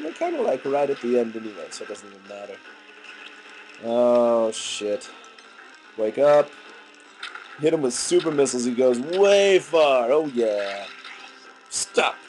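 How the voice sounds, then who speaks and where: A man with a sick, hoarse voice, making crude jokes as he talks over a video game. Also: mid-range voice, unhurried, pauses often, faint music behind. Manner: joking, crude and excitable. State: hoarse from illness. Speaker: let's player. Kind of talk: casual gameplay commentary. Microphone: desk microphone.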